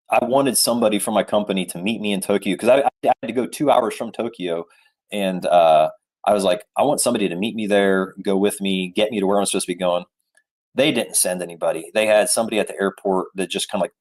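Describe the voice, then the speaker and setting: A man's voice: on the low side, darkish tone. Chatty middle-aged man telling a travel story. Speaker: travel vlogger. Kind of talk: casual storytelling to a live chat.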